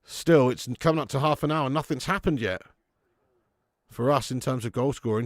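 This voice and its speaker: A man's voice: mid-range voice, moderate pace, no room sound, clean studio sound. A man doing a live football watch-along, chatty and sweary, reading out viewer messages on a webcam mic.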